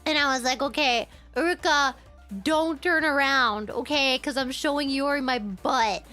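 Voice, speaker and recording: A woman's voice: high-pitched, normal speed, soft background music. A young woman streamer telling stories in a casual chat, giggling often. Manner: giggly, animated, breaks into laughter.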